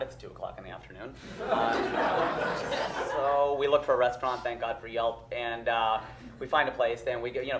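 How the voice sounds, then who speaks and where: A man in his thirties telling a long story as a stand-up comedian, getting loud at the punchlines. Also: mid-range voice. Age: 30s. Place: comedy club stage with a laughing audience. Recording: roomy live club with crowd laughter.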